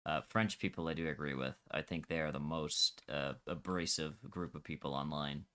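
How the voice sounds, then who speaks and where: A young Scottish man who streams on a Minecraft server chats casually while gaming, arguing his point energetically and swearing freely. His bass voice is smooth and moderately paced.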